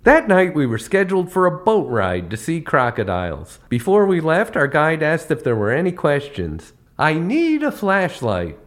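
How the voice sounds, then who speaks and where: Here a podcast host recounts funny travel tales, wry and building toward punchlines. His voice sits a little high with big pitch swings, moving at a moderate pace with hardly any pauses, and faint music plays behind him.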